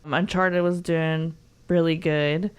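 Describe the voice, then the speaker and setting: A woman's voice: sits low, flat delivery, takes it slowly, smooth. A young woman with a Southern US accent, chatting as a podcast co-host, rambling with fillers and frequent giggles. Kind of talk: casual podcast chat.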